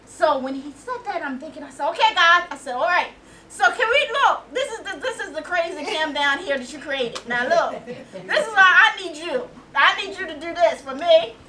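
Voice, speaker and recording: Woman in her late 40s, very high voice, bright tone, animated testimony, distant mic with faint crowd. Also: moderate pace. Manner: animated storytelling, laughing and exclaiming. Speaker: inspirational speaker. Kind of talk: testimony at a women's conference. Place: conference venue with a small audience. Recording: distant mic with faint audience and room noise.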